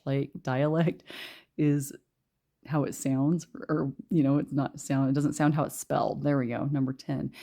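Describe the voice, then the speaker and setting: A woman giving a casual pick-a-card tarot reading, chatty and rambling with lots of fillers, pausing to read card messages aloud. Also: deep voice, mellow. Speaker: tarot reader.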